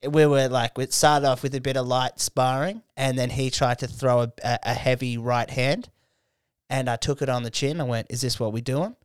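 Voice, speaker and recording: A man's voice: mid-range voice, flat delivery, normal speed, clear, resonant tone, no room sound, studio quality. A man with an Australian accent, a comedian on a podcast, telling a story in loose, slangy banter with some swearing. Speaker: comedian guest.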